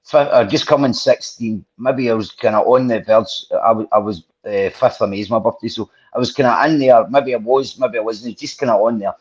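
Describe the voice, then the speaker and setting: Man, husky voice, rambling sweary anecdotes, dull lo-fi podcast sound. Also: mid-range voice, fairly quick, hardly any pauses. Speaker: podcast host. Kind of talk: casual storytelling chat.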